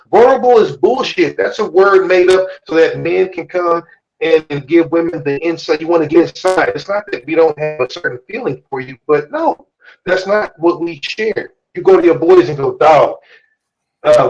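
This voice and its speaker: A man's voice: a little high, lo-fi sound. A man hosting a live-stream talk show, speaking bluntly and preachily, with lots of swearing. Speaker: podcast host. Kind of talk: casual chat on a live stream.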